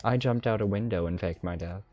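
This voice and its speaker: Here the dragon mage voice comes fairly low and fairly quick, a little mellow and lightly acted: a man in character as an ancient, mischievous male dragon with a lisp and an affected dragonish accent. He chats on his live stream in a rambling, playful way full of self-amused asides, with faint music under slightly dull audio.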